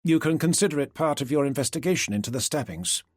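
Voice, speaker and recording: A charming, scheming woman who flirts to get her way, as a male audiobook narrator puts her on, speaking a few steps above his own voice. The tone is husky and breathy. It sounds dry and close, like a storybook read in a small booth. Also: on the high side, animated, fast, no room sound, voice pushed up. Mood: flirtatious. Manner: flirtatious, persuasive. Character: charming, scheming woman feigning English poise.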